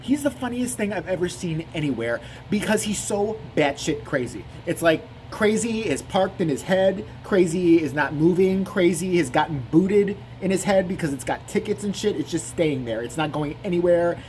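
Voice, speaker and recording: A man's voice: high-pitched, expressive, normal speed, few pauses, darkish tone, slight background noise. A man giving rambling, profane comic commentary on a video. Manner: rambling, profane, laughing asides.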